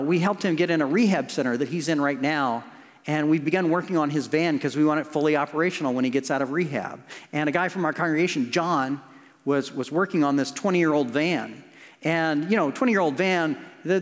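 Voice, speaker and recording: A man preaching a sermon as pastor, telling stories with restarts and moving between lively and hushed passages. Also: fairly high pitch. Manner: storytelling with frequent restarts, swinging between animated and hushed. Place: church sanctuary. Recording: long church reverb.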